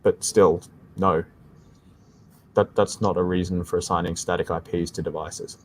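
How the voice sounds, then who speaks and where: A man with an Australian accent co-hosts a live tech question stream, talking in a casual, explanatory way. His voice sits low, and he keeps circling back with "like I said". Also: fairly even intonation, normal speed, slight background noise. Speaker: tech support co-host.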